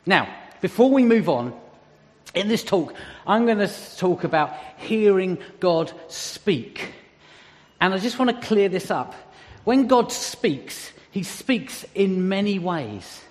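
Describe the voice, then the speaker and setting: A man's voice: high voice, very animated, slow, darkish tone, big-room sound. A middle-aged man giving a conversational sermon with humorous asides. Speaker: church speaker.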